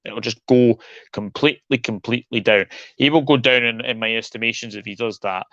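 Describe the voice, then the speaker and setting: A man's voice: mid-range voice, steady tone, a little fast, fairly bright tone, dry recording, lo-fi sound. A man hosting a live football stream, ranting with frustration and often repeating himself and restarting sentences. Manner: frustrated, repetitive, stumbling restarts. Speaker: football channel host.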